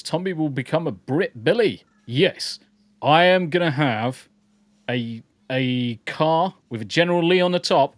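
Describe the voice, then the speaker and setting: Man, English, mixed regional accent with southern tinge, podcast co-host, rambling jokey chat, mid pitch, dry close sound. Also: no room sound. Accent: mixed English, partly southern. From English Midlands. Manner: rambling, jokey, repeats words. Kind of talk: casual chat reading live comments.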